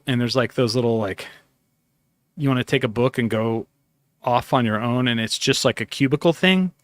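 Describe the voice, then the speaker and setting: A man's voice: medium pitch, a bit bright, no room sound, clean studio sound. A man hosting a podcast, telling a long story in a loose, rambling way with plenty of swearing, acting out bits of dialogue as he goes. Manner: rambling, profane, acts out his own dialogue. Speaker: podcast host. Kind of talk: casual storytelling chat.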